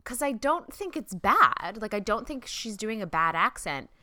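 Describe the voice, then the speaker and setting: A woman co-hosting a podcast, giving blunt, animated opinions in a casual film review chat. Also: mid-range voice, moderate pace, dry recording, clean studio sound. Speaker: podcast co-host.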